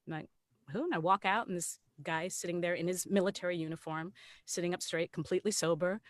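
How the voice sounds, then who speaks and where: A woman's voice: fairly low pitch, quick pace, dry recording, clean studio sound. A woman actor, a guest on an online video-call talk, telling stories casually with frequent laughs and restarts. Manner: lively, laughing often, with many restarts. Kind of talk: casual storytelling on an online salon.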